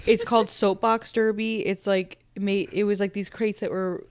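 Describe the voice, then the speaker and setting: A woman's voice: medium pitch, level tone, normal speed, darkish tone, smooth. A woman in her thirties co-hosting a casual podcast chat with her sister, rambling through stories with plenty of filler and laughing as she goes. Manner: rambling, gets emotional and laughs while retelling. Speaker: podcast co-host.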